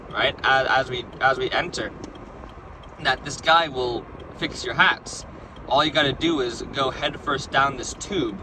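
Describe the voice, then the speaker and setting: A man's voice: medium pitch, background noise. A young man casually recounting a strange dream, rambling with stumbling restarts and lots of "right?" and "like". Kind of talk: casual storytelling.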